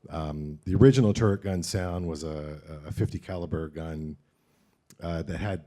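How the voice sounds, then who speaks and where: Man, very deep voice, mellow, slightly husky, relaxed interview guest. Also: moderate pace. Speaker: sound designer guest. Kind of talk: casual interview.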